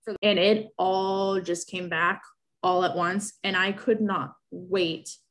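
A woman's voice: fairly low pitch, fairly even intonation, takes it slowly. Young woman telling an emotional story. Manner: emotional, rambling, with many restarts. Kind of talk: casual personal storytelling.

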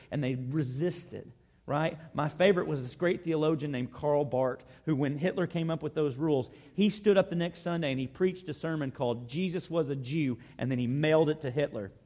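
With a fairly high but darkish-toned voice, a pastor from Arkansas shares personal stories. The sermon he gives is earnest and conversational, built around that storytelling.

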